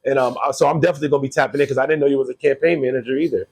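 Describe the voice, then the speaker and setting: Male podcast host, quick, raspy-edged delivery, earnest storyteller. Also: medium pitch, steady tone, darkish tone. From Connecticut. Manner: earnest, storytelling, laughs easily. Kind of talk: casual conversation.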